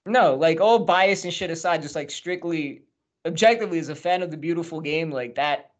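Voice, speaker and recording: A man on a football podcast chats loosely with his co-host, cracking jokes and cursing freely. He speaks briskly in a slightly high voice.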